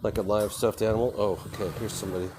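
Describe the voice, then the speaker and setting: His voice is lowish and flat, and he talks rapid-fire over background noise. He's live-streaming on foot through a small shop and an outdoor street, casually chatting with viewers, speaking to animals along the way, and laughing frequently.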